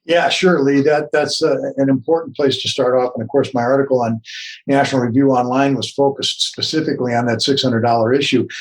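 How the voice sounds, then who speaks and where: A man's voice: medium pitch, fairly even intonation, a little fast, rough recording. A man as an interview guest, earnest and explaining things step by step. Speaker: tax expert guest.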